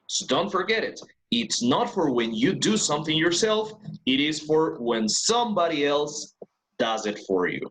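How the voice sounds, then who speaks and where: This man teaches an English class online, moving between Spanish and English as he patiently explains each step and frequently checks that students are keeping up. His voice is fairly high and fairly bright, with big swings in pitch, and he speaks at a measured pace.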